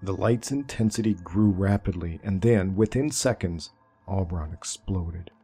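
A man tells a dark fantasy tale in a slow, measured voice. His tone is deep, mellow and slightly husky. Faint music plays behind him. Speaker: narrator. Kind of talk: scripted fantasy narration.

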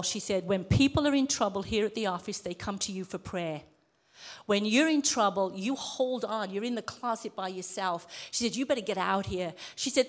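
A middle-aged woman preaching a sermon in a church room, lively and emphatic as she quotes scripture. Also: medium pitch. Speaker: lay preacher.

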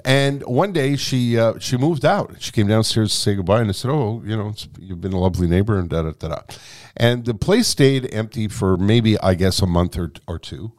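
A man's voice: lowish voice, normal speed. A man casually telling a long anecdote, acting out the voices of the people in it, swearing and laughing as he goes. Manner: animated, acts out dialogue with swearing and laughter.

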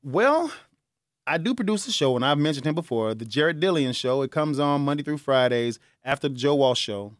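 Lively folksy radio host, man. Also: a little high, moderate pace, dry recording, clean studio sound. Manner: lively, folksy, laughs at himself. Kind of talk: casual advice talk. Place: radio studio. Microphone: studio mic.

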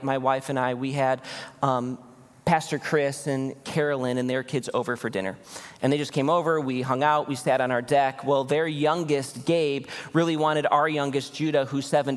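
A male pastor giving a sermon in a church, animated and conversational, often asking the congregation questions. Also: mid-range voice, a little fast. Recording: long hall reverb.

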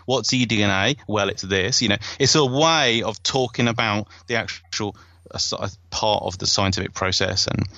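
A man's voice: lowish voice, moderate pace, gravelly, sharp tone, no echo, lo-fi sound. A man hosting a podcast in casual chat, digressive and self-mocking, often laughing at himself. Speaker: podcast host and author.

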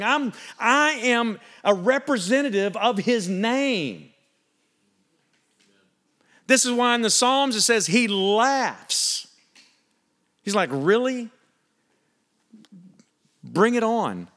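A man preaching a sermon, animated and emphatic, swinging between loud punchy lines and quiet earnest ones. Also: very high voice.

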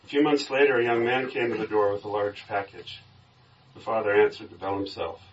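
A man in a Bible study group reading a story aloud in a steady storytelling voice, recorded from a distance with a dull sound. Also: on the low side, brisk.

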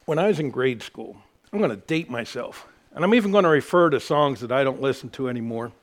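A man's voice: medium pitch, expressive, a little fast. A middle-aged man preaching a sermon as pastor, mixing self-mocking jokes with praise.

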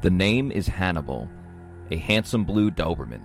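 A man reading a news story in a measured, even way. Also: low-pitched, creaky, music in the background. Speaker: news reader.

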